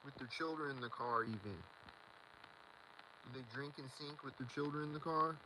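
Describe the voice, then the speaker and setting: A man's voice: fairly high pitch, normal speed, noisy background. A man rambling in a solo video monologue, agitated and repetitive as he rants. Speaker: vlogger.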